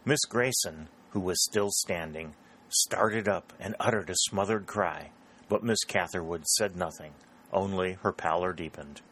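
A man narrating a novel as an audiobook reader, with a steady, even delivery. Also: low-pitched, a little slow, breathy edge, low-quality recording. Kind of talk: scripted narration.

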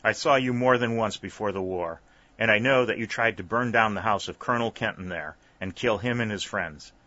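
A man's voice: lowish voice, a little fast, no room sound. A man voicing an earnest, determined young man. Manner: loud, clear, earnest. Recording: slightly dull, dry recording.

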